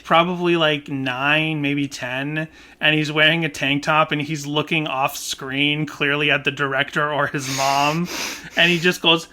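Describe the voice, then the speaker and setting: A man co-hosting a casual podcast, his voice bright and a little higher than most. He talks in loose, run-on thoughts and laughs often. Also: steady tone, a little slow. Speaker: podcast co-host. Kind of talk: casual chat about music.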